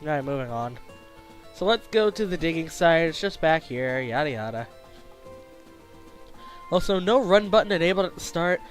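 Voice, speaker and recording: A young man casually commenting on a game he is playing, rambling and joking with quick asides. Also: fairly high pitch, lively intonation, soft background music. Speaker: let's play host.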